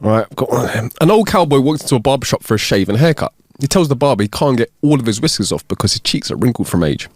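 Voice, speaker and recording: Man reading jokes, lively pitch. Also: rapid-fire, few pauses, dry recording, studio quality. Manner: reads jokes aloud in a steady storytelling way, laughs. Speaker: podcast co-host. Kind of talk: casual joke telling.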